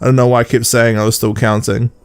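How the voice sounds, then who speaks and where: A man's voice: medium pitch, flat delivery, fast, clear, resonant tone, dry recording. A man co-hosting a podcast, recapping an episode in casual chat and mocking the characters in silly voices. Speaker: podcast co-host.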